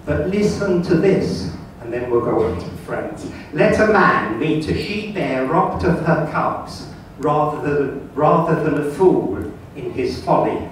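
A man with a somewhat high voice lectures a club audience, earnest and questioning. He stands far from the microphone in a very echoey room, with a faint hiss underneath. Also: lively intonation, measured pace. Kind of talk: public talk to an audience.

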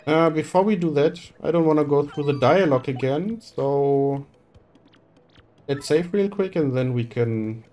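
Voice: medium pitch, unhurried, warm tone, soft background music. A game streamer making casual, offhand asides during a let's-play.

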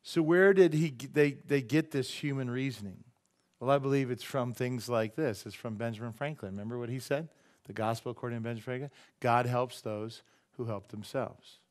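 A pastor preaching in a church with a mid-pitched voice. He talks loosely and with humor. He slips into short acted voices for the people he describes. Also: a little fast. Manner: animated, acts out voices and jokes with the congregation. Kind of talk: sermon.

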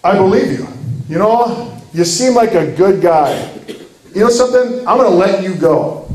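A man voicing a stern but caring male judge who makes firm, measured pronouncements. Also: high voice, lively intonation, darkish tone, roomy sound, far from the mic, a little hiss or hum, low-quality recording. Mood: kindly.

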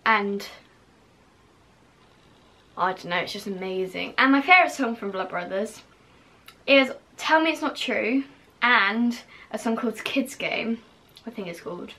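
A woman's voice: on the high side, expressive, unhurried, long pauses, sharp tone. A young woman vlogging casually to camera, gushing and full of fillers, now and then dropping to a whisper.

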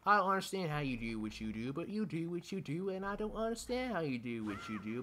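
A man's voice: on the high side, big pitch swings, quick pace, few pauses, fairly bright tone, a little hiss or hum. A young man commenting as he plays a video game, talking to the game, swearing and pleading in frustration. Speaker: gaming channel host. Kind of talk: let's play commentary.

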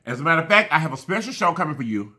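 A mukbang vlogger chats casually to the camera while eating, rambling effusively and thanking his viewers over and over. His voice is fairly high and sharp, and he speaks at a racing, very animated clip.

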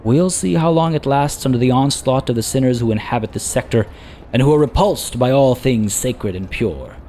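A man's voice: mid-range voice, normal speed, dark tone, a little hiss or hum, natural voice. A man voicing a gaunt, stern old male priest with a cracked voice, reading game dialogue aloud in a solemn, sermonizing way. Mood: dry.

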